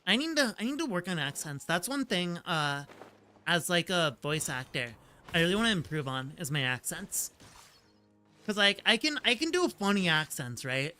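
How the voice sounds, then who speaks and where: Bright-voiced, rambling male streamer. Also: sits high, sing-song, normal speed, smooth. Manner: rambling, full of "like" fillers, laughs easily. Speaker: streamer and voice actor. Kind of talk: casual gaming stream chat. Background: faint game music.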